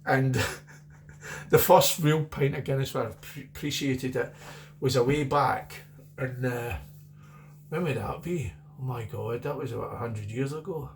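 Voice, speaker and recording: A man's voice: mid-range voice, measured pace, slight background noise. A middle-aged Scottish man chatting casually through a beer review, rambling and repeating himself.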